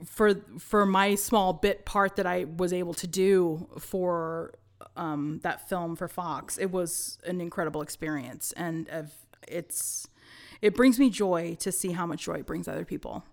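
A woman in her forties telling stories as a podcast guest, excitable and laughing often. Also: fairly low pitch, unhurried. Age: 40s. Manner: excitable storyteller, bursts of laughter. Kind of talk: casual podcast chat.

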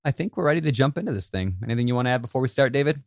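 A man's voice: medium pitch, expressive, rapid-fire, no echo, studio quality. A man hosting a podcast interview, talking with enthusiasm and many fillers. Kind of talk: casual interview.

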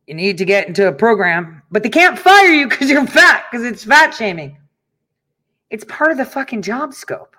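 Animated middle-aged woman ranting to viewers. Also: a little high. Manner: animated storytelling, laughs often, swears. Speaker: online show host. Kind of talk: casual ranting monologue.

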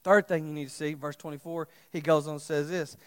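A male pastor preaching a sermon, swinging from loud impassioned calls to quiet storytelling. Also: a little high, fairly even intonation, a little fast, big-room sound.

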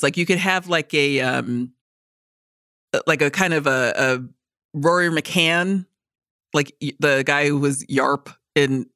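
A woman's voice: deep voice, a bit bright, dry recording, studio quality. A woman with a slight New York accent, co-hosting a podcast in a casual chat. She talks freely, laughs often and uses plenty of fillers. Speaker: podcast co-host.

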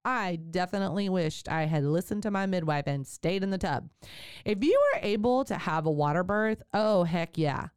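A woman podcast host candidly telling a personal story, animated and laughing often. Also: fairly low pitch, normal speed, clean tone, no echo, clean studio sound.

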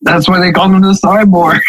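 A man's voice: high-pitched, no echo, low-quality recording. A man co-hosting a casual soccer podcast, rambling with lots of fillers and dry sarcasm. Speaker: podcast co-host.

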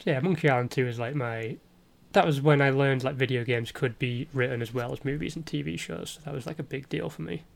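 A man's voice: medium pitch, brisk, vocal fry. A man hosting a podcast, chatting casually with lots of fillers and laughter, and a sore throat. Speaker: podcast host. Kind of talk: casual chat.

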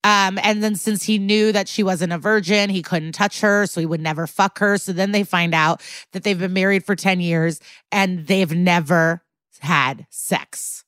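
A woman co-hosting a podcast, recapping a TV episode in casual chat with a profane, animated delivery. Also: lowish voice, measured pace, clear, resonant tone, no room sound, clean studio sound. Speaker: podcast co-host.

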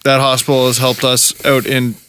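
A man's voice: medium pitch, flat delivery, normal speed, a bit bright, slight background noise. A man hosting a podcast in casual chat, speaking earnestly and restarting his sentences often. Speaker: podcast host.

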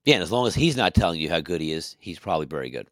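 Low-voiced chatty man laughing at stories. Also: sing-song, rapid-fire, dry recording. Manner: laughs often, acts out quotes in character voices. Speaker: podcast co-host. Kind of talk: casual chat.

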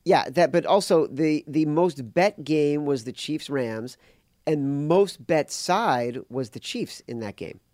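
A man's voice: on the high side, slow pace, a little mellow, no echo. A man co-hosting a sports betting podcast with a dry, teasing, sarcastic manner. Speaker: podcast co-host. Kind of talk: casual betting podcast chat.

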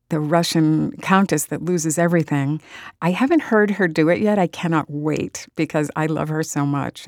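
Low-voiced woman in her middle years, earnest author answering questions, dry close mic. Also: no room sound. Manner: earnest and enthusiastic, emotional about audiobooks.

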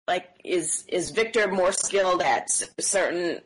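A woman hosting a radio interview, playful and quick to laugh. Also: fairly low pitch, husky, poor audio. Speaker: radio show host. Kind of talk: casual interview.

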